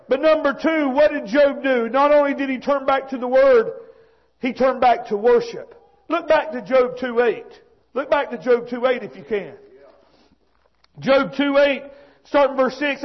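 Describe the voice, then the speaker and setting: Fiery preacher, high voice. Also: male voice, unhurried. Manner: shouting, fervent, folksy. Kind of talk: fiery sermon. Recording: dull lo-fi sound.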